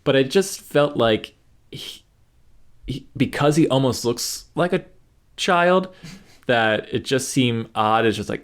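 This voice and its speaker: A man's voice: medium pitch, lively intonation, slow pace, long pauses. A man co-hosting a podcast, talking in an opinionated, rambling casual chat. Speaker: podcast co-host.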